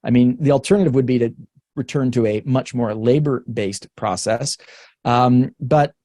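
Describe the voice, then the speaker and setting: A man's voice: medium pitch, normal speed, warm tone, no room sound, clean studio sound. A Canadian man, a researcher guest in a webinar conversation, talking frankly and thinking aloud with many restarts and the odd laugh. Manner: laughs between points.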